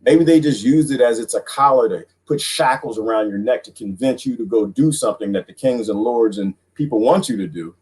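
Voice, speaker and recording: A man hosting a livestream who talks in an animated, mocking way, laughs often, and is losing his voice. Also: mid-range voice, a little fast, few pauses, breathy edge, poor audio. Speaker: livestream host reading viewer comments. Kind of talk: casual livestream monologue.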